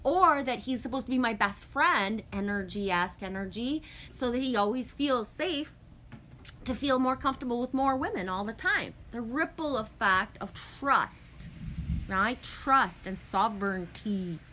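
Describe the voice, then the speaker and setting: A woman in her forties chatting casually on a livestream, reading out viewer comments and rambling through animated stories with swearing and acted-out quotes. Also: a little high, measured pace, slight background noise.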